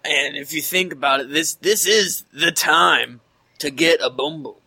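A man's voice: fairly high pitch, a little slow, creaky, pushed and bright, breathy edge, no echo. A man playing a tabletop game, goofy and joking, often laughing. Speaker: player. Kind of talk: casual tabletop game play.

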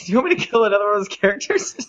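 A man's voice: high voice, big pitch swings, racing, fairly bright tone. Man chatting as game master. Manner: laughing, thinking aloud. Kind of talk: casual tabletop game chat. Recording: dull lo-fi table recording.

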